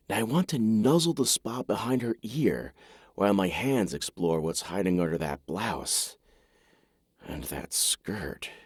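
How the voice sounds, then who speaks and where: A man's voice: a little mellow, no room sound, studio quality. A man narrating a romance audiobook in the first person, wry and intimate in manner. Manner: wry, intimate, low-key.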